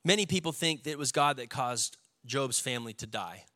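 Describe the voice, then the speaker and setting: A male pastor preaching a sermon with animated delivery, acting out the voices of the people he quotes. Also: medium pitch, a little fast.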